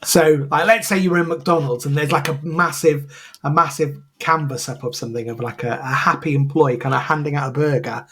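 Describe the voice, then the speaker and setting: A husky, slightly high-pitched man co-hosting a podcast. He chats casually and rambles, circling back with fillers and restarts. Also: fairly even intonation, brisk, fairly bright tone. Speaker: podcast co-host. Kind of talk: casual chat.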